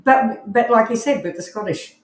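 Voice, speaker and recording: A woman with an Australian accent co-hosting a podcast in casual chat, chatty and quick to laugh, often restarting with repeated words. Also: on the high side, echoey room. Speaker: podcast co-host.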